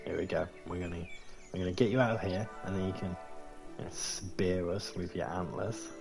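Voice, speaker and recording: Deep-voiced gamer talking through play. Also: male voice, steady tone, a little fast, vocal fry, music in the background. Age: 40s. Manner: chatty, joking, thinks aloud. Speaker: gaming YouTuber. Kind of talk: gameplay commentary.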